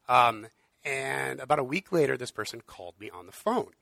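A man's voice: mid-range voice, expressive, normal speed, creaky, bright, forceful tone, no room sound. A man preaching in an earnest, conversational way, with frequent fillers. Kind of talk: casual sermon.

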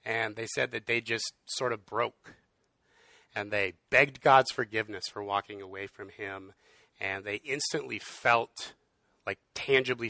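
Gravelly-voiced man giving a casual sermon. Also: fairly low pitch, pushed and bright, no room sound. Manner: earnest, conversational, with frequent fillers. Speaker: preacher.

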